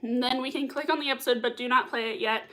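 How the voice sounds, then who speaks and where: Bubbly young woman streamer, high bright voice, giggles a lot, chatty with her viewers. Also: fairly even intonation, quick pace. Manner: bubbly and giggly, reading chat comments aloud. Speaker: livestream host reacting to a TV episode. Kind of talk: casual livestream chat. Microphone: desk mic with earbuds.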